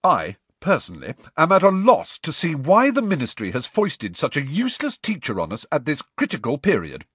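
A man's voice: a little high, wildly swooping pitch, fairly quick, few pauses, fairly bright tone, husky, no echo, voice pushed up, full character voice. A man voicing a self-important teenage schoolboy who speaks in a pompous, declaiming way.

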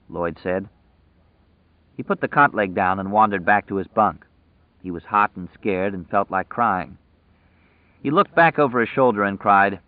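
A man with a fairly low voice reads a novel aloud in a measured, dramatic way. The recording is dry with no room sound and has a thin, phone-like tinniness. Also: animated, no echo. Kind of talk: audiobook narration.

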